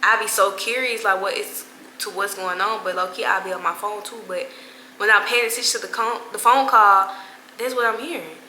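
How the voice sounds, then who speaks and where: A woman's voice: mid-range voice, steady tone, a little fast, sharp tone, roomy sound, a little hiss or hum, poor audio. A young woman telling a story to her viewers in casual, slangy chat, with laughing asides. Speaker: vlogger.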